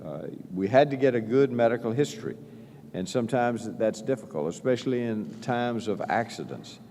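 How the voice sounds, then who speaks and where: A man giving a halting speech as governor at a press event, full of fillers and restarts. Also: medium pitch, lively intonation, mellow, slight background noise. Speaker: state governor. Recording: long reverb in a large hall.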